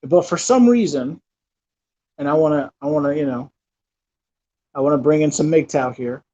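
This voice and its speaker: Rambling man in his thirties, slightly high voice. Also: normal speed, dark tone. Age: 30s. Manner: rambling, full of fillers and restarts. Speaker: channel host. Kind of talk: casual storytelling. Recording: dull lo-fi recording.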